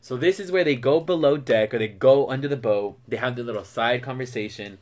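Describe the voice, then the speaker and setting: A man's voice: mid-range voice, a little fast, darkish tone. A man hosting a podcast, chatty and gossipy, recapping a reality TV episode in casual, swear-filled talk. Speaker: podcast host.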